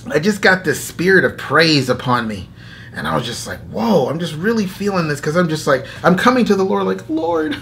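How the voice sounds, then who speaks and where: A man's voice: on the high side, animated, normal speed, fairly bright tone, slight background noise. A man hosting a casual faith talk, telling a story animatedly, acting out inner dialogue and laughing often between phrases. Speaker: host. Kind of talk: casual spoken testimony.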